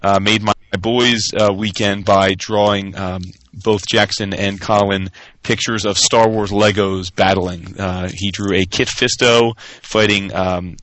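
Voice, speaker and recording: Low-voiced man chatting with many fillers. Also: flat delivery, a bit bright, dry recording. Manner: rambling, many fillers and pauses. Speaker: podcast co-host. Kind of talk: casual chat.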